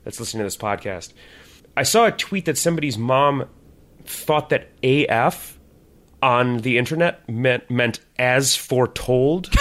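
A man's voice: medium pitch, animated, measured pace, fairly bright tone. A man co-hosting a podcast in casual chat, talking animatedly and laughing easily. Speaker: podcast co-host.

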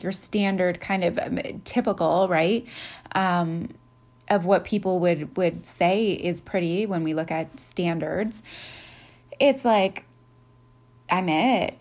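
A woman's voice: lowish voice, a little mellow. A woman in her thirties giving an earnest motivational monologue, full of repeated affirmations and casual fillers.

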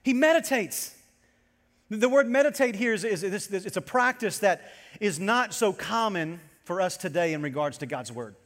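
A man preaching a sermon to his congregation as pastor, animated and storytelling as he goes. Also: sits high, normal speed, in a large hall.

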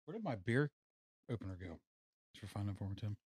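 A man's voice: fairly low pitch, big pitch swings, fast, background noise. A man hosting a casual podcast chat, laid-back and swearing freely. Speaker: podcast host. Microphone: studio mic.

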